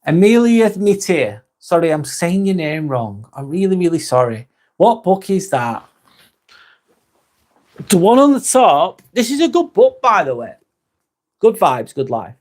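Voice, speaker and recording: A man's voice: fairly high pitch, darkish tone. Chatty man reading live chat. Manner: chatty, swears casually, reads comments aloud.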